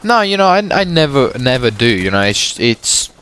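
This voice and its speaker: A young Englishman talking over his gameplay in a loose, rambling way. He trips over his words, stammers and circles back on himself. His pitch sits right in the middle for a man. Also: sing-song, moderate pace, a bit bright, slight background noise. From England. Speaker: gaming commentator. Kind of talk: casual gameplay commentary.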